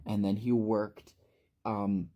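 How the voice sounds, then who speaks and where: A man casually recapping a story in a relaxed, conversational way. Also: fairly low pitch, slow.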